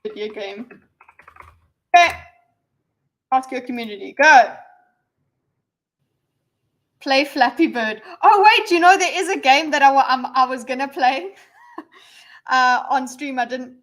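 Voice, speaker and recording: A woman's voice: high voice, takes it slowly, pauses often, a bit bright. A woman hosting a casual livestream, rambling and reading viewers' messages aloud with lots of fillers and restarts. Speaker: livestream host.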